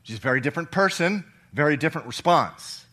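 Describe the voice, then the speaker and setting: Man pastor, sermon, bright tone, loud emphatic bursts then hushed soft reading, questions to the congregation. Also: fairly high pitch, animated, quick pace.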